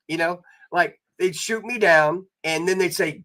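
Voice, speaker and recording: A man's voice: high-pitched, normal speed, sharp tone. A man guest telling rambling anecdotes in casual chat, with many fillers and quoted voices.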